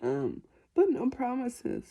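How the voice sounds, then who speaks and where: A woman's voice: fairly high pitch, wildly swooping pitch, slow pace, dark tone. A woman answering viewer questions in a casual vlog, chatty and self-deprecating.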